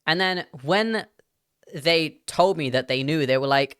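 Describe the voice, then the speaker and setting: Chatty British streamer with a smooth voice. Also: mid-range voice, normal speed, fairly bright tone. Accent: British, drifting toward whoever they talk to. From Britain. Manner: rambling, chatty, trailing off into asides. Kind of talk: casual chat to a live stream audience.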